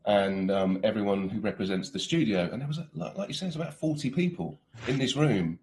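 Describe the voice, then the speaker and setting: A man's voice: fairly low pitch, a little fast, darkish tone. A British man in his forties, an actor chatting casually in an interview, laughing often and restarting his sentences.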